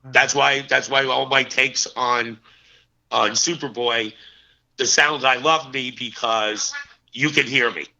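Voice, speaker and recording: Bright-voiced New man telling stories. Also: medium pitch, slow, creaky. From New Jersey, US. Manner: animated anecdotes with quoted voices. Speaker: actor guest. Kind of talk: casual storytelling interview. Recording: muffled lo-fi audio.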